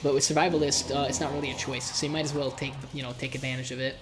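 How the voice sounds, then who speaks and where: A man's voice: medium pitch, flat delivery, racing, fairly bright tone. A male streamer with a nasal, congested voice, casually rambling and joking at himself while commentating a live game. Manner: casual, rambling, self-mocking. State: congested, coughing.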